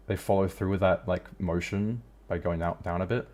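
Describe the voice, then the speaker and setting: A man's voice: low voice, moderate pace. A man streaming live, talking to himself casually as he works through an animation, with faint music behind. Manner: relaxed thinking aloud, self-talk.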